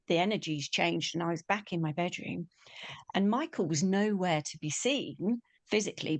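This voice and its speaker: Woman, low voice, dry close sound, lively storytelling. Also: dry recording. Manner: animated, acts out the quoted voices. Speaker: spiritual teacher. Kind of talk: personal storytelling.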